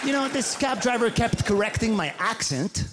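A man with a French accent performing stand-up comedy, animated and mimicking voices and mispronunciations. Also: very high voice, moderate pace, a crowd in the background. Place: large theater with live audience. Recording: live stage recording with audience noise.

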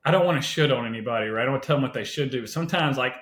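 A man telling personal stories as a podcast guest, animated and conversational, often checking in with "right?". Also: medium pitch, racing. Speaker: podcast guest, health coach. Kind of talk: casual storytelling interview. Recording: roomy echo.

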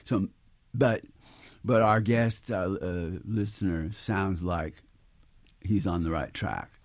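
A man, a chef and cookbook author, chatting as a guest on a radio call-in show, relaxed and modest, thinking aloud. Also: low-pitched, slow pace, dry recording.

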